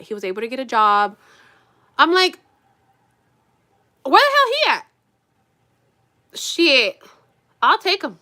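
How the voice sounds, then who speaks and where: A woman's voice: medium pitch, bright, forceful tone, smooth. A woman vlogger chatting casually to her viewers as she gets ready, telling a rambling, gossipy story full of swearing and talking straight to her audience. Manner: addresses viewers directly. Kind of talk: casual chat while getting ready.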